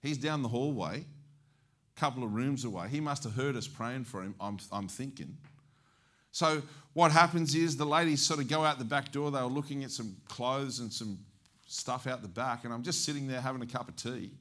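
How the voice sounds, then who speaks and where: A man with an Australian accent preaching as an evangelist, telling stories in a lively way and acting out the dialogue. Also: medium pitch, moderate pace. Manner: animated, acts out dialogue. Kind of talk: storytelling sermon.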